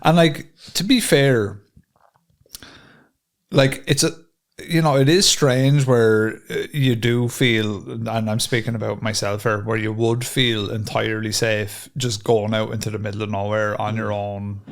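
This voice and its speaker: A man's voice: fairly low pitch, flat delivery, unhurried, vocal fry. A young man co-hosting a podcast, talking in a laid-back, conversational way with long asides. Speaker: podcast co-host. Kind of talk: casual podcast chat.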